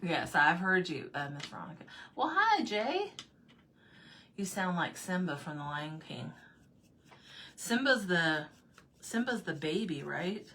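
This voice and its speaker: A woman's voice: sits low, unhurried, pushed and bright, a little hiss or hum. A woman chatting casually with her livestream viewers while she paints at home, answering their comments and laughing often. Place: home room with desk.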